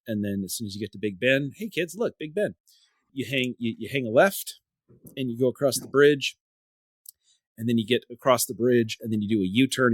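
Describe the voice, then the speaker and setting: A man's voice: fairly low pitch, no room sound, studio quality. A man hosting a podcast in casual chat, telling a story in a rambling way and often repeating and restarting his words. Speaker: podcast host.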